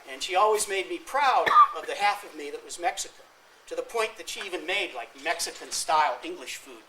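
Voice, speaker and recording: A man's voice: a little high, lively intonation, fairly quick. Wry storytelling man in his fifties, lecture hall. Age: 50s. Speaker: guest speaker. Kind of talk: classroom talk. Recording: distant mic with faint room noise.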